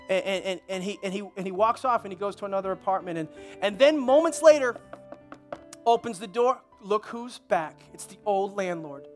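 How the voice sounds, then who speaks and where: A male pastor delivers a sermon at a church service in a strikingly high voice, talking conversationally and often stumbling over repeated words. Soft music plays faintly underneath. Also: lively intonation, normal speed.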